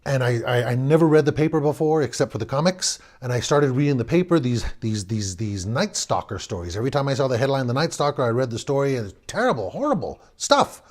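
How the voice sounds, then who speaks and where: A man's voice: mid-range voice, fast talker, few pauses, darkish tone. A man in his forties from the Los Angeles area, telling a personal story in a wry, rambling way, repeating and restarting his words.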